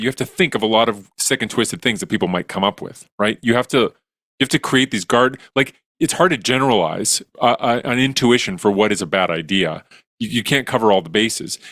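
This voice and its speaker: A man's voice: fairly low pitch, fairly bright tone, no echo, clean studio sound. A man, a science educator, explaining ideas in an enthusiastic, jokey way. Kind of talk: casual chat.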